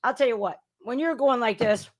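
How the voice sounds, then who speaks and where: A woman's voice: a little high, brisk. Blunt, sarcastic woman podcaster. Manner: animated, swings between loud outbursts and muttering. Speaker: podcast host. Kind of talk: casual news commentary.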